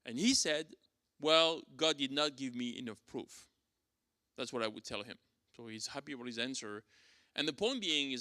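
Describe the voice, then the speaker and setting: French-accented man, church apologetics teacher, bright and forceful, dry close sound, lots of restarts. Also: medium pitch, dry recording. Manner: conversational teaching with fillers and restarts. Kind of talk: apologetics class lecture. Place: church classroom.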